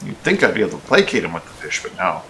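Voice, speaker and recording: A very low-voiced man talks over his gameplay in a loose, rambling way, often restarting his thoughts. His tone is bright and forceful despite the depth, and faint noise with clicks sits behind him. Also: huge pitch swings, rapid-fire. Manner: rambling, thinks aloud with restarts and asides. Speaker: streamer. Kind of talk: casual gameplay commentary.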